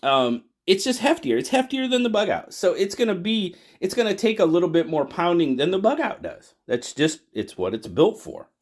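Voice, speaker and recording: A man hosting a casual knife collection video, talking in a relaxed, rambling way that often repeats and restarts. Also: high voice, moderate pace, few pauses. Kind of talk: casual product review talk.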